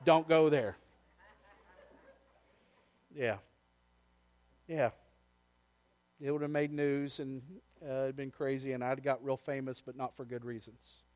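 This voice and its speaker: A middle-aged man preaching a sermon as pastor, casual and folksy, calling out "man" and "right?". He swings from loud, raised preaching down to quiet storytelling. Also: mid-range voice, level tone, unhurried, long pauses.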